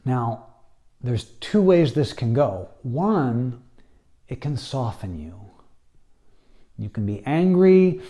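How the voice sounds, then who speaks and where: A man's voice: mid-range voice, sing-song, slow pace, pauses often, mellow. A man teaching a video Bible lesson, urging his listeners in an earnest way and acting out people's inner thoughts. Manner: urgent, exhorting, acts out people's inner thoughts.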